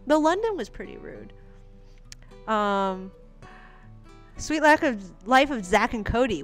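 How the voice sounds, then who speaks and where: A woman's voice: a little high, very animated, slow pace, pauses often, faint music behind. A woman streaming her comic art, chatting casually in a rambling, giggly way. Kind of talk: casual livestream commentary.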